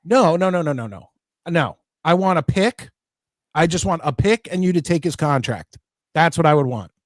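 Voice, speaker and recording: A man's voice: fairly high pitch, expressive, moderate pace, no room sound, clean studio sound. A man hosting a casual sports talk show, reading viewer comments aloud and ranting with many restarts. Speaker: podcast host reading chat.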